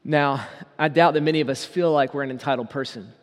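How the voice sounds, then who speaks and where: A man preaching a sermon as pastor, asking the congregation rhetorical questions and slowing down on key words. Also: a little high, long reverb tail.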